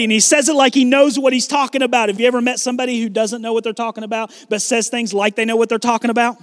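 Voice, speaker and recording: A man pastor preaching a sermon, animated, acting out biblical dialogue with shifting volume. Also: very high-pitched, fast talker, few pauses, no echo, clean studio sound.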